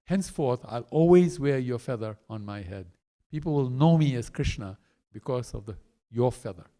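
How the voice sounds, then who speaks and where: A man voicing a young divine cowherd boy, tender and loving, in a hushed and lowered voice. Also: expressive, moderate pace, natural voice.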